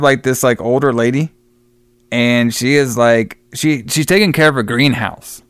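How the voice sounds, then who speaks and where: A man's voice: medium pitch, measured pace, clean tone, dry recording. A man co-hosting a horror movie review podcast, rambling and swearing in casual chat with frequent laughter. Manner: rambling, profane, laughs often.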